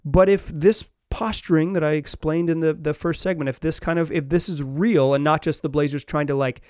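Man, podcast host, rambling sports chat, slightly high voice, dry close sound. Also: steady tone, fairly quick, a little mellow, clean tone, no room sound. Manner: rambling, many restarts and fillers. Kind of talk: casual sports commentary.

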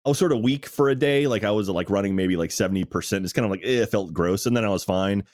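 A man's voice: on the low side, fast, darkish tone, no room sound, clean studio sound. A man hosting a podcast, talking in an earnest, casual way and thanking supporters. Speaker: podcast host. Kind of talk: casual chat.

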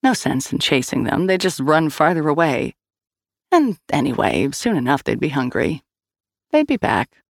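A woman narrating a scripted story in an expressive, wry manner. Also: low-pitched, moderate pace, no room sound. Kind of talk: scripted audio-drama narration.

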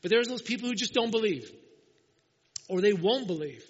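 High-voiced preacher in an echoing hall. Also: male voice, moderate pace, slightly rough. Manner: lively storytelling, acting out quoted lines. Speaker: pastor. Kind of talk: sermon. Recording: muffled, with long hall reverb.

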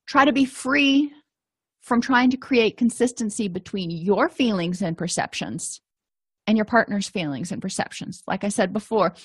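Woman teaching about relationships, mid pitch, chatty, acts out quick quotes, dry sound. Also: breathy edge, no room sound. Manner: conversational, acts out little quoted exchanges. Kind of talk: informal lecture on empathy.

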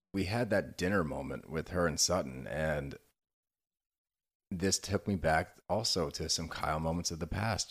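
A man co-hosting a podcast, giving strong opinions on a reality show in casual chat, with swearing. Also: sits low. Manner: opinionated, swears, acts out quoted lines. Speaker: podcast co-host.

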